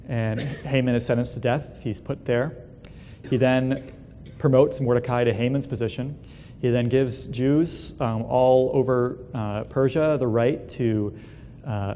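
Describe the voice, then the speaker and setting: Man teaching a Bible lesson in a hall. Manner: relaxed, many fillers, joking asides. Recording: long hall reverb, faint rumble.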